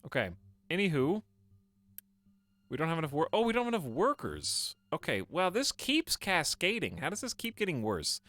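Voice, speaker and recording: A man's voice: a little high, wildly swooping pitch, normal speed, fairly bright tone, no echo. A man streaming a game live, rambling casually to his chat as he plays. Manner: rambling, talks to chat while playing.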